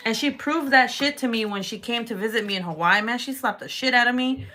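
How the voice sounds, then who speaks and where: A woman chats casually at home while she works on clay crafts. Her voice is bright and clear. She talks candidly, swears freely and laughs often. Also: on the high side, brisk. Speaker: polymer clay crafter vlogger.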